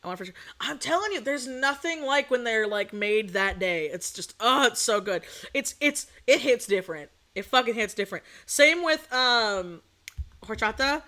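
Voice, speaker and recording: A woman's voice: a little high, animated, normal speed, sharp tone. A young adult woman streaming as a VTuber, chatting casually and rambling, swearing freely and laughing often. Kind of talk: casual chat.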